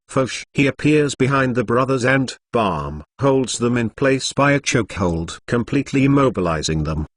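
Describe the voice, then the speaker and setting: Flat, dry synthetic male narrator. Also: medium pitch, dry recording. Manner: flat even reading, reads punctuation aloud. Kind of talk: synthetic narration of fan fiction.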